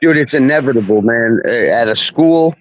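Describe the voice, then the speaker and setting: A young man telling a story in a casual, rambling way, swearing constantly and laughing along. His voice sits at an ordinary pitch, recorded dry and close with a dull, lo-fi sound. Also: lively intonation, moderate pace, no room sound. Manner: profane, rambling, laughs often. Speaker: podcast host.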